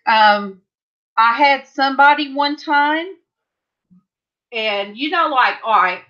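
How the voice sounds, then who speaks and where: In a slightly dull lo-fi recording, a middle-aged California woman chats and rambles with viewers during a livestream from her home craft room, responding to their comments. Her voice is high and her delivery slow.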